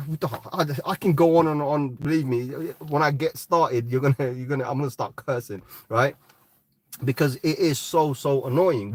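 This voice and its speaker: A man's voice: on the high side, no room sound. Guy ranting about crypto on a live stream, swears a lot, keeps saying right?, dry sound. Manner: blunt, swearing, frustrated, repeats "right?". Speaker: crypto podcast host.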